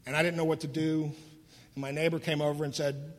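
A middle-aged man candidly telling his own recovery story, wry and laughing through the dark parts. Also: fairly high pitch, flat delivery, brisk. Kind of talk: personal storytelling talk. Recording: voice in a hall with long reverb.

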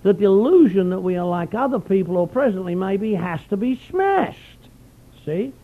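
Over phone-quality sound, a middle-aged man shares his personal story at a recovery meeting. He rambles folksily, saying "you know" often, and his high voice stays very animated at a moderate pace.

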